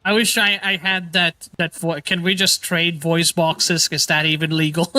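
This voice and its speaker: A man's voice: a little high, level tone, a little slow, pushed and bright, no echo. A man hosting a casual livestream chat, enthusiastic and laughing often. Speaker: livestream host.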